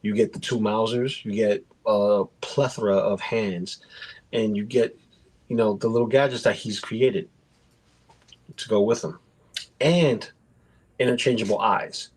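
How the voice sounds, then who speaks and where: A man's voice: lowish voice, steady tone, measured pace, breathy edge, rough recording. A man co-hosting a toy review show, talking casually and rambling through prices and accessories. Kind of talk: casual podcast chat.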